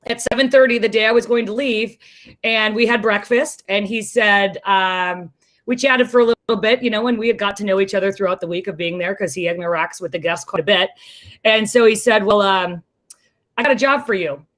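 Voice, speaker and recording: Woman from near chicago telling a story, jokey and animated, mid-pitch voice. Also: brisk. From small town outside Chicago. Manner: animated, acts out quoted voices, self-described jokester. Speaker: interview guest. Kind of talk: storytelling in casual chat.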